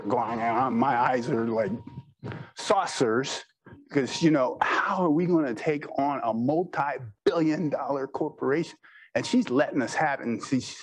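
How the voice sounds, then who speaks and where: Male speaker, average pitch, loose anecdotal delivery with filler words, light noise in the background. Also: low-quality recording. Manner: rambling, heavy on "you know", laughs at own stories. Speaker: speaker telling business stories. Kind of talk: anecdotal storytelling talk.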